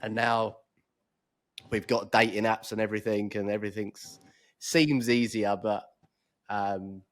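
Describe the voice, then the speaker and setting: A man hosting an interview, asking halting questions with many restarts and repeated words. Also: lowish voice, steady tone, a bit bright. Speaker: interview host.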